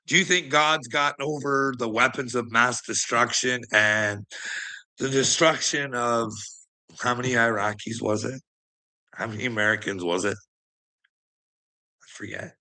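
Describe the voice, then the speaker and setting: A man on a livestream rants at his chat in a sarcastic, profane and mocking way. His voice is bright and sits at a middle pitch. He laughs often between his jabs. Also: steady tone, unhurried, creaky, long pauses.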